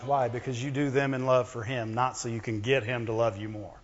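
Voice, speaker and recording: A man preaching a sermon to his church, talking conversationally, calling for amens, and swinging between loud emphasis and quiet low asides. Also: flat delivery, brisk. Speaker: pastor. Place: church hall. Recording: muffled lo-fi recording in a reverberant hall.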